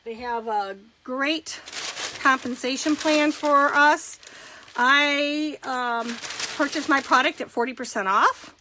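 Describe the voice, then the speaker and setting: Woman, high voice, crisp and bright, chatty live craft tutorial, step-by-step. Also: slow pace, slight background noise, rough recording. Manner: chatty, walks through each step, greets viewers. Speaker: craft demonstrator and direct sales consultant.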